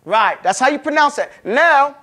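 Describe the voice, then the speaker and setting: Leading a Quran recitation lesson, a man with a remarkably high, sharp-toned voice and lively intonation keeps things relaxed and chatty. He checks often that students are following, modeling every sound by drawing it out slowly and saying it again.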